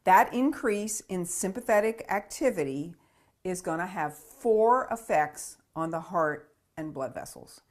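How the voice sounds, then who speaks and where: Woman, deep voice, lecturer, methodical, repeats key terms, asks "okay?". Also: lively intonation, measured pace. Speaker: physiology lecturer. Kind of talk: recorded lecture.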